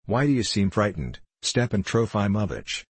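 A man's voice: lowish voice, very animated, normal speed, husky, no echo, full character voice. A man reading a sly, gossiping sneerer.

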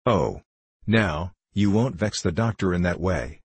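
A man's voice: low voice, expressive, a little slow, breathy edge, dry recording, full character voice. A man doing an eager loyal young servant. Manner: eager, earnest, devoted.

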